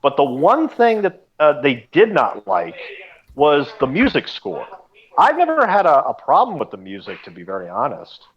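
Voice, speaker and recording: Laughing, animated man on a commentary. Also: mid-range voice, normal speed, muffled recording. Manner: chatty, laughs often. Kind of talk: casual movie commentary.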